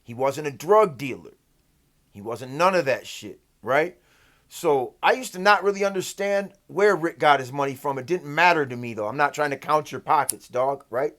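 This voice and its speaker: A man's voice: a little high, lively intonation, moderate pace, fairly bright tone. A man telling a personal story in a casual, profane, rambling way, often asking "right?". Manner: rambling, loose, peppered with "like" and "right?". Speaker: storyteller vlogger.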